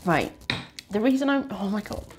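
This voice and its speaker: A woman with a fairly low voice talks through a tarot card reading. She speaks earnestly and with feeling, circling back over her phrases. Soft music plays faintly behind her. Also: steady tone, unhurried. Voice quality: earnest, emotional, repetitive phrasing. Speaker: tarot reader.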